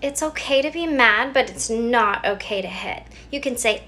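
A young woman modeling speech for toddlers, with slow, exaggerated, sing-song baby talk. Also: on the high side, animated, pushed and bright. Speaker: children's educator.

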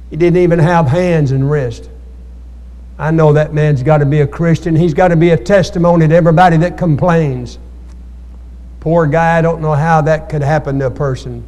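High-voiced preacher in an echoey hall. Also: male voice, a little mellow. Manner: preaching with call-and-response to the congregation. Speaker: pastor. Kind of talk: sermon at Bible study. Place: church hall.

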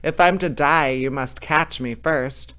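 A man reading as a fearless young hero from an old fairy tale, cheerful and cocky, never rattled by anything. The voice is smooth and clear, at an ordinary middle pitch. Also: a little slow, bright, forceful tone. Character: bold fearless young man who cannot shudder. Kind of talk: storybook reading.

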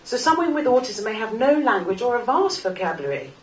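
A woman's voice: fairly high pitch, big pitch swings, a little fast. A woman in her forties giving an earnest, wry personal talk to a live audience at a small club, laughing now and then at her own jokes. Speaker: speaker at a live talk event. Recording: echoey room, distant mic, faint noise.

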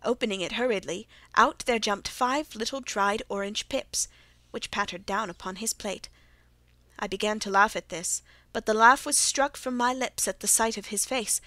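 A woman narrating a classic mystery audiobook in a measured, even storytelling manner. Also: medium pitch, no room sound. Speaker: audiobook reader. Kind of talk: scripted narration.

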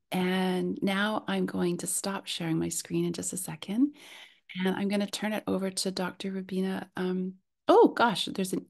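A woman hosting a webinar over a video call, soft-spoken and gently enthusiastic as she reads out participants' comments. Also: lowish voice, vocal fry. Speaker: host.

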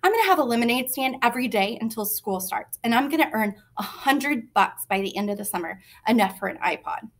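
A woman reads as a ten-year-old boy, an older brother who sulks and snaps back at his sister, pitched a touch high. He sounds defensive and prickly. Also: expressive, a little fast, few pauses. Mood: scornful.

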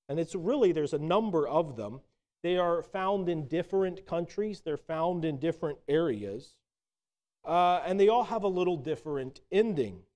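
A man preaching a sermon in a relaxed, conversational storytelling way, with some hesitant restarts. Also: on the high side.

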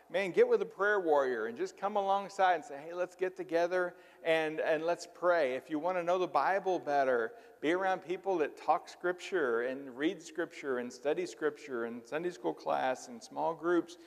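A middle-aged male pastor from southern Illinois with a slight Southern accent, preaching in a folksy, conversational way full of filler words. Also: high-pitched. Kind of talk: sermon. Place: church sanctuary. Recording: reverberant church hall.

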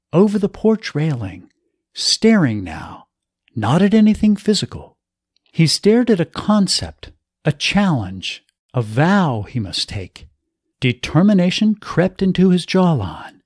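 A man narrating a scripted story with a slow, measured reading style. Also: a little high, big pitch swings, a little mellow, breathy edge, no room sound, studio quality.

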